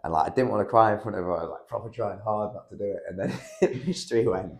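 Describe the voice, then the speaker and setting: A man's voice: fairly low pitch, rapid-fire. A young man, a guest fighter, telling a story in casual podcast talk, rambling with lots of fillers and swearing. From United Kingdom. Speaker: guest, amateur MMA fighter.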